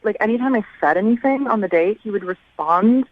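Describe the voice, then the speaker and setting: A woman's voice: medium pitch, animated, brisk. A young woman calling in to a radio show, chatty and filling her talk with "like". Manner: chatty, heavy use of "like". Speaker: caller. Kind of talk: phone call on a radio show. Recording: muffled phone line.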